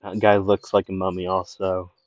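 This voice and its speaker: A man's voice: low-pitched, completely flat delivery, normal speed, dry recording, lo-fi sound. A man casually improvising a fan story, rambling with lots of fillers.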